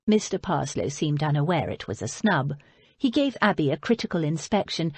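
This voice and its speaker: A woman narrating an audiobook with expressive storytelling. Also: lowish voice, normal speed, slightly rough, no room sound. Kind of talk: scripted narration.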